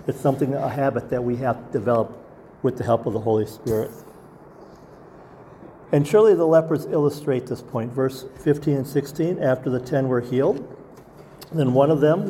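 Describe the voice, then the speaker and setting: A man's voice: medium pitch, warm tone, a little hiss or hum. A man preaching a sermon as pastor, earnest and asking the congregation rhetorical questions.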